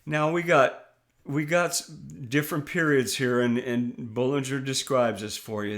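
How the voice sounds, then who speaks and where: A man's voice: medium pitch, fairly even intonation, unhurried, a bit bright. A man teaching scripture as a preacher, reading verses aloud and commenting in an impassioned, scornful way, with frequent restarts. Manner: impassioned and scornful, addressing listeners as beloved.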